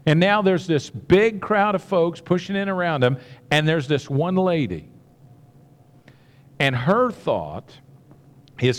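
A man preaching a sermon, telling a Bible story with animated energy and acting out the voices. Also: a little high, slow, pauses often. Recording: long hall reverb.

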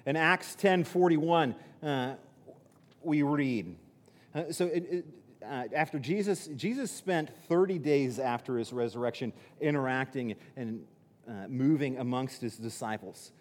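A man's voice: medium pitch, a little slow. A man preaching a sermon as pastor, in a conversational way, often restarting and acting out quotes. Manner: conversational, repeats words and restarts, acts out quotes. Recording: long reverb of a hall.

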